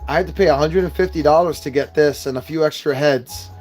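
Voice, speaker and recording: A man's voice: on the high side, fast talker, a little mellow, soft background music. Profane, ranting young man reviewing toys. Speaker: toy reviewer. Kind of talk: casual unboxing vlog.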